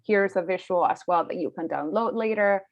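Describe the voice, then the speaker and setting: Female co-host, mid-pitched and conversational, on a dull, dry video call line. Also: fairly quick, no echo. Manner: conversational, some restarts. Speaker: webinar co-host. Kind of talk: live webinar teaching.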